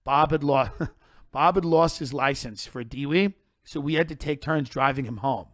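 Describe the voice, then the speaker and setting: A man telling comedic stories on a podcast, animated and emphatic, with plenty of profanity. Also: medium pitch, normal speed, no echo, clean studio sound.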